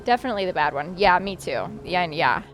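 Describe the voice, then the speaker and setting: A woman's voice: lowish voice, animated, quick pace, soft background music. A young adult woman streamer giving casual, chatty gameplay commentary, swearing freely and talking to her chat.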